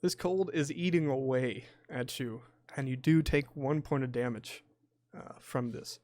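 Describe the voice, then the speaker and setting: A man's voice: mid-range voice, a little slow, darkish tone, dry recording, studio quality. A man narrating a tabletop horror game as game master, with many hesitant fillers.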